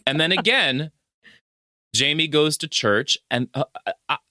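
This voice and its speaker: A man's voice: on the high side, expressive, measured pace, pushed and bright, dry recording, studio quality. A man co-hosting a podcast, recapping an old film in casual chat, swearing and acting out its lines. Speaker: podcast co-host.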